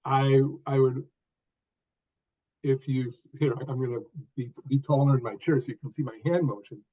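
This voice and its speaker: An older man, a podcast guest, telling his story in short deliberate phrases, stressing key words, with some repeated words. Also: medium pitch, fairly even intonation, mellow, slightly rough, highs cut off. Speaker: guest author.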